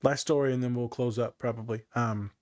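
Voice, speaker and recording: Telling heartfelt personal stories on his podcast, a host in his thirties acts out other people's words in a casual chatting style. He speaks fairly quickly in a steady, mid-range voice with a slightly mellow quality.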